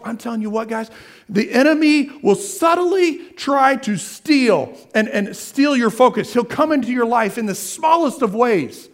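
In a very high-pitched voice with lively intonation and normal speed, a man preaches a sermon as pastor. He asks the crowd questions, answers them on his own, and repeats key phrases in a repetitive manner.

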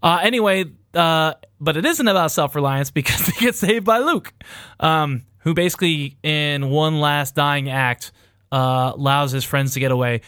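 Guy rambling through a movie plot, swears a lot, smooth clear voice, dry sound. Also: fairly high pitch, moderate pace, fairly bright tone, no echo. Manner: rambling, irreverent, laughs often. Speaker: podcast host recapping a film. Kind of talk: casual profane chat.

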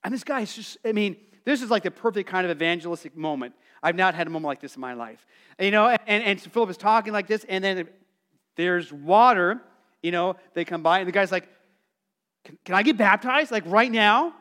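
High-voiced male pastor preaching conversationally. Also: brisk. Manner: conversational, animated, acts out quotes; calls for congregation responses. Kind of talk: sermon.

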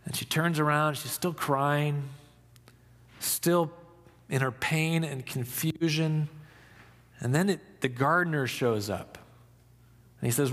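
A pastor giving an Easter sermon, reflective and storytelling, dropping soft for emphasis. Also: male voice, fairly high pitch, big-room sound. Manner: slow, reflective, dramatic pauses, soft for emphasis.

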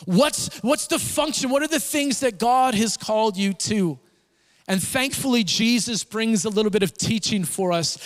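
A man with a fairly high voice delivers a sermon, building his points through repeated phrases. His voice carries a long reverb from a church hall. He moves between urgent emphasis and quieter prayer. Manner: emphatic preaching with repeated phrases and rising intensity. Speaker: pastor.

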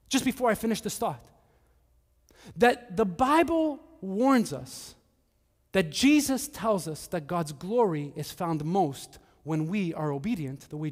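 High-voiced male preacher in echoing hall. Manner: earnest, shifts between hushed and emphatic. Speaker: pastor. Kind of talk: sermon.

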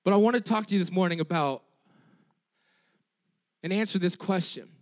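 Speaking at a moderate pace in a high-pitched voice, a preacher delivers an animated, forceful sermon. He repeats important phrases and often checks in with "all right?" after a sentence.

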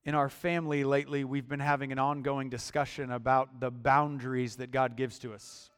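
A man preaching a sermon in a deliberate, emphatic style, often repeating words as he builds his point. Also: mid-range voice, little pitch movement, fairly bright tone, smooth. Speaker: pastor. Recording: long hall reverb.

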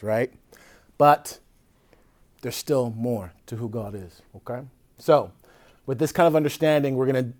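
A male priest teaching a group in a conversational way, often checking in with "right?" and dropping between loud emphasis and soft, low asides. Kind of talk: teaching talk to a live group.

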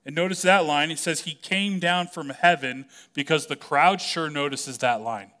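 A man preaching a sermon in a conversational, animated way, acting out the voices of the people he quotes. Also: fairly high pitch, normal speed. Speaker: pastor.

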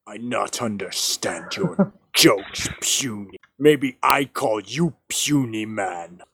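A man voicing a gruff, slow-witted male giant warrior who speaks in broken, simple sentences. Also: fairly low pitch, expressive, a bit bright, dry recording, studio quality, heavily acted. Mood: blunt.

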